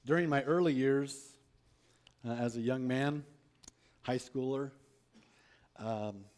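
A man's voice: mid-range voice, takes it slowly, darkish tone. A man preaching a sermon, reading a Bible story aloud and asking his listeners rhetorical questions.

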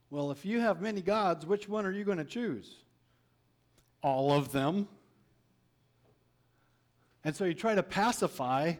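Man preaching, asking rhetorical questions. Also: fairly high pitch. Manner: storytelling Bible reading, rhetorical questions. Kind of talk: sermon.

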